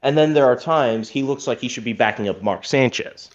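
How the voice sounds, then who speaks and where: A man's voice: mid-range voice, brisk, muffled recording. A man from the Midwest of the US, co-hosting a casual podcast over a call, joking and rambling as he teases the other speaker. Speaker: podcast co-host. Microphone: remote call.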